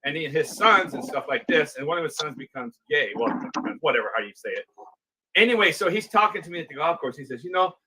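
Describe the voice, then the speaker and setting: A man's voice: a little high, expressive, fast talker, sharp tone, breathy edge, poor audio. A man on an online call telling rambling stories and laughing easily. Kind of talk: casual group chat on a live stream.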